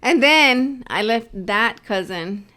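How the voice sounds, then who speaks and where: A woman's voice: fairly high pitch, animated, takes it slowly, sharp tone. A young woman co-hosting a podcast, chatting casually and rambling through her week, dropping in Spanish phrases. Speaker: podcast co-host. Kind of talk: casual chat.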